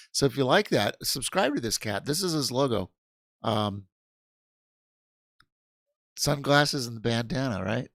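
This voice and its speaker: A tired man chats his way through a late-night livestream in a gravelly, fry-laden voice. He rambles, stops and restarts his sentences, and yawns between thoughts. The sound is dry and close, with no room around it. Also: mid-range voice, no echo. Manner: rambling, self-interrupting, tired and yawning. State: sleepy. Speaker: livestream host. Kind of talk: casual livestream chat.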